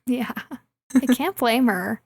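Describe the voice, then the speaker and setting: A young woman with a slightly high voice and a gravelly edge, recapping a movie in casual podcast chat. She laughs often and acts out lines she quotes from it. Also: slow pace. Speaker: podcast co-host.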